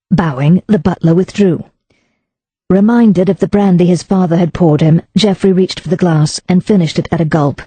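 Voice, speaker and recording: A woman narrating an audiobook in a measured storytelling manner. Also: fairly low pitch, mellow, breathy edge, no room sound. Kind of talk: scripted narration.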